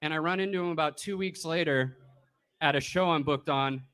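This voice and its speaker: Male comic, slightly high voice, casual swearing storyteller at a bar eulogy. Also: fairly quick, fairly bright tone, smooth. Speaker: comedian giving a eulogy. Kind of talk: tearful, humorous eulogy.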